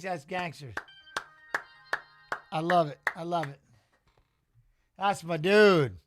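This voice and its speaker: Excitable high-voiced man hosting a watch-along. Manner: excitable, chatty, reads out chat messages. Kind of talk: casual live-stream commentary.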